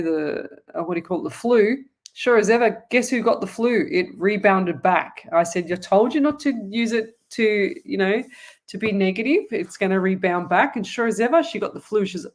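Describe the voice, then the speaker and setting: A woman, a psychic medium hosting a live show and answering viewer questions in a chatty, rambling way. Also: medium pitch. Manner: chatty and rambling, with frequent restarts and asides. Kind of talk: casual live-stream chat.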